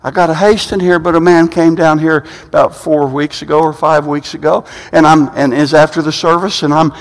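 A male pastor with a high voice, preaching a sermon in a church sanctuary. He keeps restarting and repeating words as he tells stories. A long hall reverb trails after every phrase. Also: steady tone, fairly quick.

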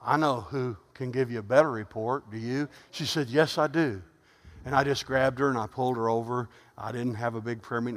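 A middle-aged male pastor preaching a sermon, telling stories in a soft voice and then rising to loud, fervent calls. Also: medium pitch, big-room sound. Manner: swings from loud preaching to quiet storytelling. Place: church.

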